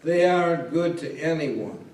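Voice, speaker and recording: Man reading sad, weepy bunny; slow, echoey room, mic far off. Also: on the high side, expressive, darkish tone. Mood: forlorn. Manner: sobbing, plaintive. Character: lonely tearful young male bunny. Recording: roomy echo, mic at a distance.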